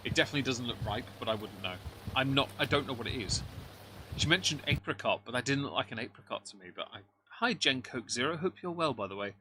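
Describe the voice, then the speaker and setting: A man's voice: medium pitch, animated, fast, background noise. A man giving live reaction commentary on a stream, making dry, mocking remarks while greeting his chat. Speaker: livestream commentator.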